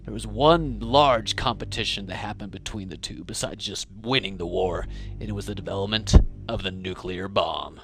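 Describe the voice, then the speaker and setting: A man's voice: on the low side, normal speed, gravelly, a bit bright, slight background noise. A young man narrating a scripted science lesson in a playful, jokey, theatrical way. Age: young adult. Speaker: science educator.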